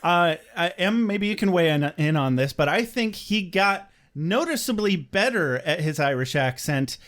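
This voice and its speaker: A man's voice: high voice, lively intonation, normal speed, a bit bright. A man co-hosting a podcast in loose, profane casual chat, laughing often. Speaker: podcast co-host.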